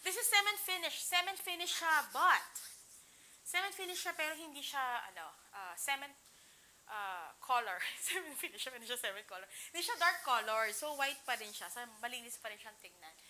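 Filipino girl doing a house tour, high bright voice, gushes over every room, bit of hiss. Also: expressive, brisk, low-quality recording. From Philippines. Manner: chatty, enthusiastic, exclaims over features. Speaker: real estate house tour host. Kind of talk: casual walkthrough tour, mixing Tagalog and English. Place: indoors in an empty furnished house.

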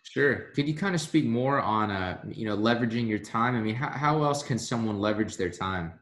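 A man's voice: fairly low pitch, expressive, brisk, fairly bright tone, echoey room. A man hosting a casual interview, affirming what his guest says and asking short follow-up questions. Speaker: podcast host.

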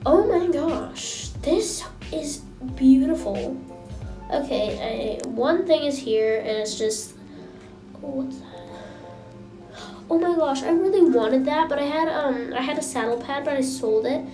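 Excitable young woman gaming vlogger. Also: high-pitched, unhurried, distant mic. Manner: excitable, gushing, chatty. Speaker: gaming channel host. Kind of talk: casual gameplay commentary. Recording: echoey room, mic set back, music behind.

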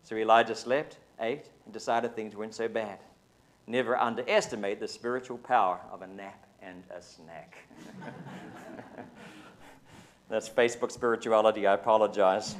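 A male pastor from New Zealand with a New Zealand accent, delivering a Sunday sermon at a mid pitch. He keeps it conversational and informal, often tagging his points with a quick question to the people in the pews. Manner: conversational, often asks the congregation "right?". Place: church service.

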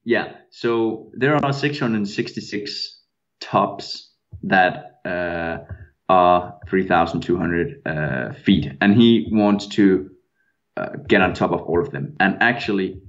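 Deep-voiced Norwegian man, muffled line. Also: takes it slowly. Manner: hesitant, many ums and uhs. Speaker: guest.

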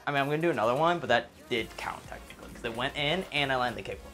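A young man casually commentating his own gameplay, excitable and swearing a lot, yelling whenever he misses. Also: medium pitch, racing, soft background music.

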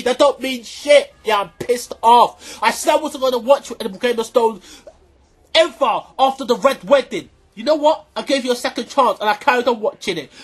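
A vlogger delivers a furious, expletive-laden rant straight to camera. The voice sits high, and the speaker keeps breaking into shouts and repeating lines for emphasis. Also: breathy edge. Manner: furious, profane, often shouting. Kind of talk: angry reaction rant to camera.

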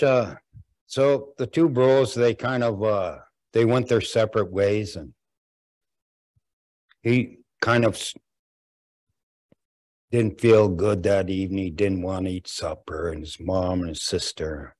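A man's voice: on the low side, slow pace, long pauses, darkish tone. A man telling a traditional winter story in a folksy way, with chuckling asides. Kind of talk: oral storytelling.

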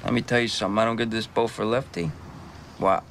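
Rough-voiced street mobster, casual and wry, film clip. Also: male voice, mid-range voice, quick pace, fairly bright tone, a little hiss or hum. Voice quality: gravelly. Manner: loose, offhand explaining of slang. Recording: movie clip played back, faint ambience.

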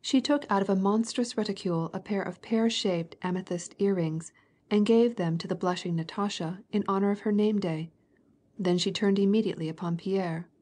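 A woman narrating a classic novel as an audiobook, in an even, measured storytelling manner. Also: mid-range voice.

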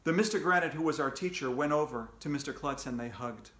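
Man reading a children's book aloud, echoey room. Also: quick pace. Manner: animated, raises pitch for character voices. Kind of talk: read-aloud storytelling.

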